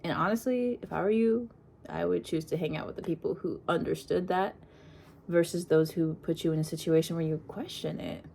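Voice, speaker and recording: A woman with a dark, mellow voice and a bit of fry talks through a casual tarot reading in a put-on accent. She meanders softly, filling pauses with ums. Her phone is propped up to record her, and there is a faint hiss behind her. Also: fairly low pitch. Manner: soft, meandering, with frequent ums. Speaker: tarot reader. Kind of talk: casual intuitive reading to camera. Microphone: phone propped on a crystal.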